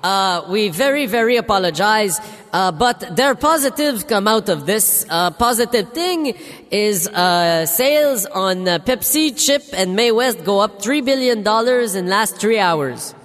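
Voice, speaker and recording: A man plays a fumbling premier with a thick Quebec French accent, stumbling through broken English and pausing on every other word. His voice sits fairly high and moves slowly, in a long-echoing space with faint music behind. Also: expressive, a bit bright. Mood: apologetic. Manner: halting, filler-heavy broken English. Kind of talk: comedy radio sketch.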